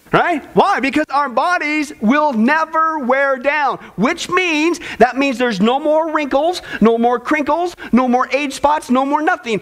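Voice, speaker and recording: A man's voice: very high-pitched, fairly bright tone. A male pastor preaching a humorous sermon, firing off punchy lists and talking straight to the audience.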